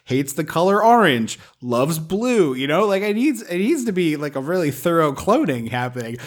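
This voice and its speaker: A man co-hosting a podcast, chatting casually about a movie in an animated, joking way and laughing often. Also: fairly high pitch, moderate pace. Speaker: podcast co-host.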